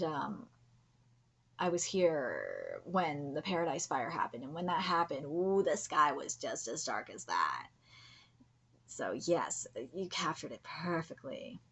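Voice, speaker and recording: A woman's voice: low-pitched, fairly bright tone, slightly rough. A young woman hosting a live reaction stream, gushing over comic pages and swearing freely.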